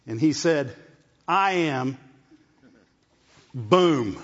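Speaking extremely slowly with lively intonation, a preacher uses his fairly high voice to engage listeners in call-and-response and repeats phrases as he builds his point. The recording is muffled and dull, with a long reverb from a large hall.

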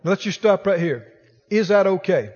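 A man preaching a sermon as pastor, exhorting the congregation and rising to shouts. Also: high-pitched, animated, moderate pace, big-room sound, dull audio.

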